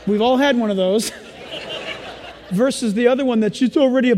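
High-voiced man preaching in a hall. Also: moderate pace, long pauses, a faint crowd, slight background noise. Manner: animated preaching, acts out kids and parents. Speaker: pastor. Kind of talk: sermon.

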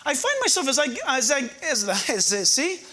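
An older male pastor preaching a conversational, humorous sermon, slowing down to read verses with emphasis. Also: very high-pitched, big pitch swings, sharp tone, a little hiss or hum.

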